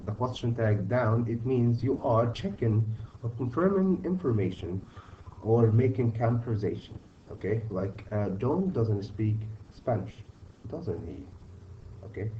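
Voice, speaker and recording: Man, teacher, online grammar lesson, patient, checks understanding, lowish voice, far from the mic. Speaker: English teacher. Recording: distant, dull mic with faint hiss.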